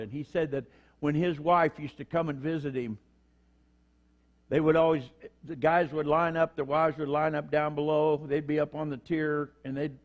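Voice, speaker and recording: An older man delivers a sermon in a folksy, storytelling way. His voice sits a little high for a man, and he slips into the voices of the people in his stories. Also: dull audio. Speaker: pastor.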